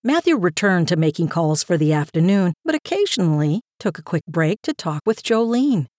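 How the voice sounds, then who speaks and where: A woman reading a story aloud in a calm, even storytelling manner with a gentle lilt. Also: lowish voice, moderate pace, no echo, clean studio sound. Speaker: narrator. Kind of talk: scripted story narration.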